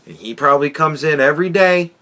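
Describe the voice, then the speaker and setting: A podcast host with a fairly high, sharp-toned voice talks fast. His commentary monologue is sardonic and laced with profanity, and he chuckles often.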